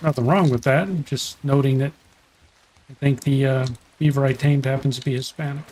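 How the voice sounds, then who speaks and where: A man's voice: mid-range voice, fairly even intonation, normal speed, a little mellow. A man streaming a survival game, chatting casually and thinking aloud while he plays. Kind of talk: casual gameplay commentary.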